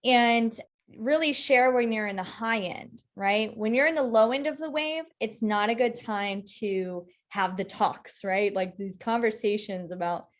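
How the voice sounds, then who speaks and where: A woman's voice: a little high, a little slow. A woman co-hosting a casual discussion, explaining human design concepts and often checking in with "right?". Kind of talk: casual teaching chat.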